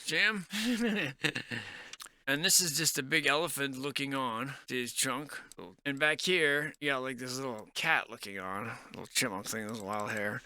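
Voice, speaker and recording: A man's voice: mid-range voice, moderate pace, hardly any pauses, sharp tone, smooth, no echo. Man for a casual vlog: dry close sound, loose and speculative, trails off often. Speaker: vlogger. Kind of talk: casual musing commentary.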